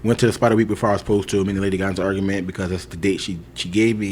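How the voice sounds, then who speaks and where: This young man's voice is low-pitched, a little mellow, and fairly flat in pitch, and he races along with hardly any pauses. As a podcast co-host, he tells a long personal story in a loose, chatty way, leaning on "like" and "you know" and laughing often.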